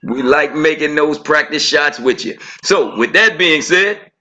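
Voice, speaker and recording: A high, bright male voice with a hyped, playful manner. He wraps up a segment on a group call, laughing easily and keeping the energy up with sports talk. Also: lively intonation, a little slow. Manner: hype, playful, basketball metaphors, laughs a lot. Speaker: segment host.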